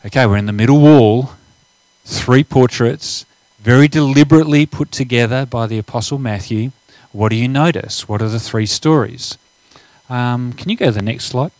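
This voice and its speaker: Middle-aged pastor, casual and dry. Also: male voice, medium pitch, moderate pace, a little mellow, no echo, poor audio. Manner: casual asides, reads scripture with rising emphasis. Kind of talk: sermon with slides and Bible reading.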